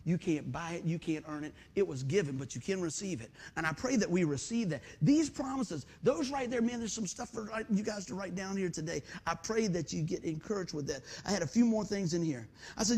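A man preaching a sermon as pastor, energetic, with loud bursts and quiet asides. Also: high-pitched, fairly quick, few pauses, breathy edge.

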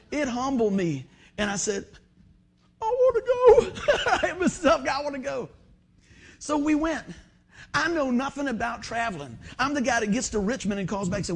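A man's voice: very high-pitched, husky. A man preaching a sermon in a folksy, storytelling way, often saying "man". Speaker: pastor.

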